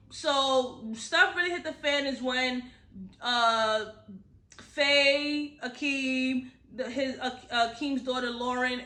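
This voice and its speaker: Young woman, high bright voice, slangy, rambling book chat, echoey room. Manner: chatty and digressive, often checking in with "right?"; slangy and candid. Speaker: book reviewer. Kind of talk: casual book review chat.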